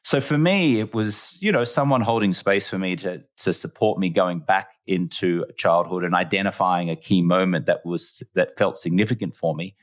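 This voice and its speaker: Man, Australian accent, very deep voice, earnest, emphatic, reflective interview guest. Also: moderate pace, few pauses. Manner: earnest and emphatic, repeats phrases for effect. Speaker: podcast guest. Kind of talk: reflective storytelling in conversation.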